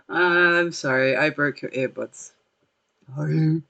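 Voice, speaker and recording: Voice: medium pitch, normal speed, sharp tone. A podcast host chatting casually on a livestream, rambling with lots of fillers, apologizing and laughing at themselves. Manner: rambling, filler-heavy, self-deprecating laughs. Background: faint background music.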